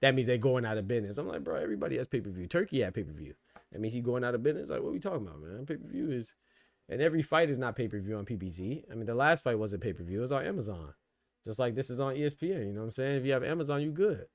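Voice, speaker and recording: A man's voice: medium pitch, expressive, very fast, dry recording. Slangy male boxing podcast host. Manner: loose slangy talk, laughs hard at jokes. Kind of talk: casual live commentary.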